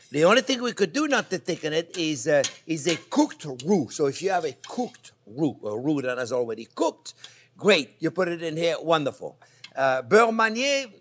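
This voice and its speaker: An older chef host with a French accent and a voice that sits high chats warmly through a cooking demonstration, calling viewers his friends.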